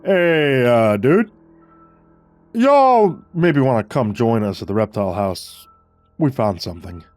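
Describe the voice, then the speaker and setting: A male narrator voicing a showy young man filming his own video, loud and hammy, over faint music. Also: mid-range voice, sing-song, slow, no echo. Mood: casual.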